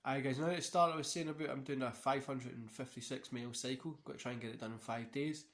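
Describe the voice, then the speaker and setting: A Scottish man in his thirties chats loosely through a wrestling watch-along. He rambles, laughs often and drops in local words like wee and yous, in an easygoing and unscripted way. His pitch sits in an ordinary middle range for a man. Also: fairly even intonation, quick pace. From Scotland. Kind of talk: casual commentary while watching.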